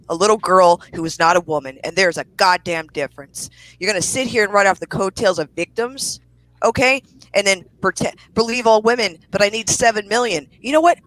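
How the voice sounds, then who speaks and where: A woman's voice: mid-range voice, fairly bright tone, no echo, poor audio. A woman co-hosting a podcast, ranting angrily with lots of swearing. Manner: profane, heated ranting. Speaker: co-host. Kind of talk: angry podcast rant.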